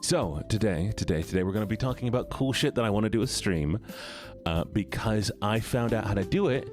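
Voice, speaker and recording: A man's voice: on the low side, lively intonation, brisk. A man streaming, chatting casually and playfully greeting his chat by name. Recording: faint background music. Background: faint music.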